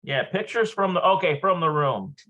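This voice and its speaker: A man's voice: high-pitched, lively intonation, moderate pace, sharp tone, muffled recording. A man working through a Hebrew vocabulary lesson aloud, thinking as he goes and checking his pronunciation.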